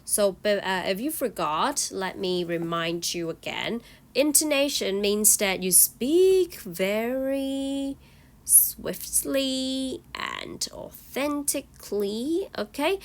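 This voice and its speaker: A woman's voice: medium pitch, animated. A woman with a Hong Kong English accent teaching an online speaking lesson to students, often checking in with "okay?". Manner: slow, encouraging, frequent "okay?" checks.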